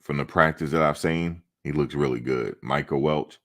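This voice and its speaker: A man's voice: extremely low pitch, normal speed. A male host of a football fan show, chatting casually in a playful, joking, slangy way and repeating himself for emphasis.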